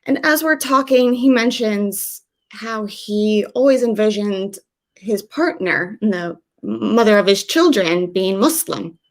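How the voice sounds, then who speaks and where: A woman's voice: lively intonation, slow pace. A young woman from the US telling a true first-person story, acting out the quoted lines of the people in it. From USA. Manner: conversational, acts out quoted dialogue with shifts in pitch.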